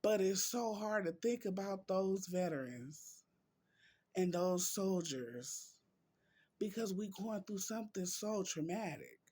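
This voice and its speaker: Slow, heartfelt man vlogging emotionally. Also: high-pitched, lively intonation, darkish tone, slightly rough. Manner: heartfelt, slow, preachy with drawn-out words. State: emotional, near tears. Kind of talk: emotional vlog reading quotes.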